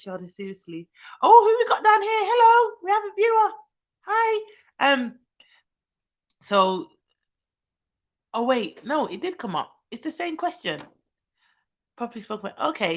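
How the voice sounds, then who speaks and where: A young woman with a bright, forward voice talks casually on her live stream, reading out comments and breaking into excited hellos. The sound is dull and lo-fi. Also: medium pitch. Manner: chatty, reads viewer comments aloud, bursts into excited greetings. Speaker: nanny hosting a live stream.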